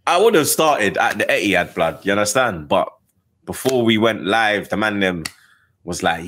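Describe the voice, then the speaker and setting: A middle-aged man with a London accent, hosting a casual chat and telling animated stories full of slang. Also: sits low, normal speed, slight background noise. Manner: animated storytelling with slang tags. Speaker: host.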